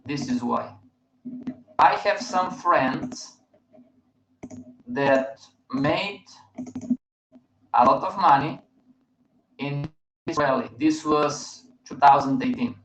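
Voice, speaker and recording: A man's voice: a little high, slow, pauses often, a bit bright, a little hiss or hum. A man hosting a live webinar, speaking emphatically and often checking in with his listeners. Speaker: host, market educator. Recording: roomy, dull stream audio.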